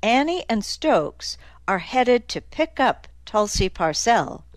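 A woman narrating a crime novel aloud in a steady, even storytelling manner. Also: mid-range voice, clear, resonant tone, no room sound. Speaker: audiobook narrator. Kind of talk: scripted narration.

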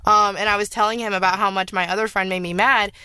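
Bright young woman chatting on radio. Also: mid-range voice, quick pace, clear, resonant tone, no room sound. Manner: chatty, animated storytelling with many restarts. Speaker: college radio host. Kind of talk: casual chat. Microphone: studio microphone.

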